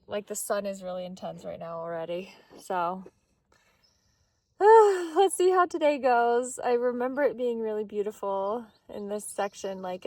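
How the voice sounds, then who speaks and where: A woman's voice: medium pitch, a little mellow, no room sound. A woman vlogging on a desert mountain trail, chatty and exclaiming often at the views while she walks with a handheld camera. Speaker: thru-hiker vlogger. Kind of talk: casual trail vlog narration.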